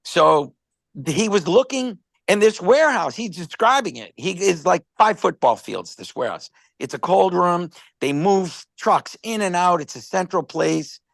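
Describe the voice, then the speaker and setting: A man's voice: high-pitched, animated, moderate pace, vocal fry, no echo. A man casually presenting a product on a live stream, rambling through stories and stumbling over repeated words.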